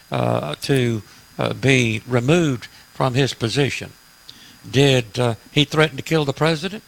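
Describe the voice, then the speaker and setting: A man's voice: medium pitch, vocal fry, fairly bright tone, poor audio. A man hosting a radio talk show, delivering an emphatic, preachy political monologue with frequent "uh" fillers.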